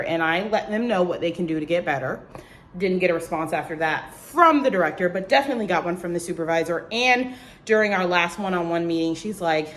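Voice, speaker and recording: Chatty woman telling a story, quick and lively. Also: a little hiss or hum. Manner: animated storytelling, acts out quotes in a high voice; talks straight to viewers, tags lines with "okay?" and "girl". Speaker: vlogger. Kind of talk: casual chat.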